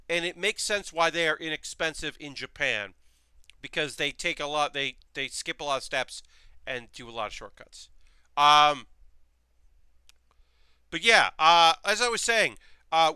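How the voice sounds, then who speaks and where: A man's voice: on the high side, bright, forceful tone, clean tone, dry recording. A man hosting a live stream in casual, rambling chat, reading messages from his chat aloud as he builds model kits.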